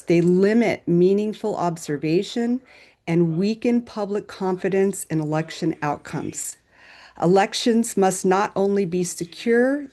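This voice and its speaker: Woman, low-ish voice, firm formal testimony, measured delivery. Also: dark tone. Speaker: public testifier. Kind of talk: read formal statement.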